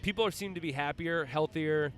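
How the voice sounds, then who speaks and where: A man's voice: on the high side, fairly quick, a bit bright. A young man hosting a podcast, telling stories in casual comedic chat, swearing freely and acting out the people he quotes. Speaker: podcast host. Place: park outdoors.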